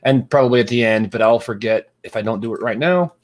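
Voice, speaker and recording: A man's voice: medium pitch, quick pace. Rambling male podcast co-host. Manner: rambling, hesitant with many fillers. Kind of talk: casual chat.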